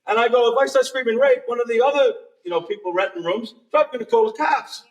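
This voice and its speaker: A man telling a ghost story to a live audience, animated and laughing through his own tale. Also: very high-pitched, quick pace. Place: curiosity shop event with live audience. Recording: echoey room, far from the mic.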